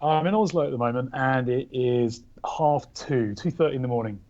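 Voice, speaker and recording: A man's voice: medium pitch, fairly quick, a little mellow. An English man chatting as a guest over a video call, dry and teasing. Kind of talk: casual video call chat. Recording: dull lo-fi call audio.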